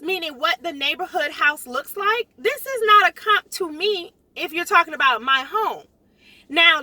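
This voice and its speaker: A middle-aged woman realtor from South Florida, ranting in a vlog with emphatic, animated delivery and repeating lines for emphasis. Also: sits high, dry recording. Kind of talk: impassioned vlog rant.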